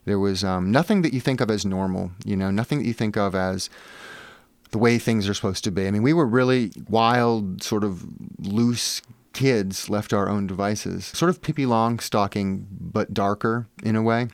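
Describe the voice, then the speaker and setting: A man from Massachusetts with a low, gravelly voice tells candid, wry stories about his past. He talks loosely, with plenty of "you know" fillers. The recording is dry and close. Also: moderate pace, dry recording. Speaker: memoir author, guest. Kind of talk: personal storytelling in an interview.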